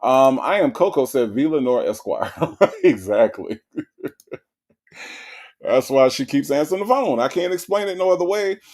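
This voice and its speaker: A man's voice: a little high, expressive, moderate pace, pauses often, a little mellow. Mocking male stream commentator. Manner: mocking, laughs often, reads chat aloud. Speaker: host. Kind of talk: comedic commentary on a livestream.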